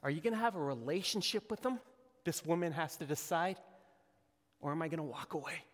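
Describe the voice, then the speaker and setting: A slightly high-voiced man preaching a lively, conversational sermon, playing out quoted lines in character voices. His voice rings through a large hall with a long reverb tail. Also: brisk. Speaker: pastor.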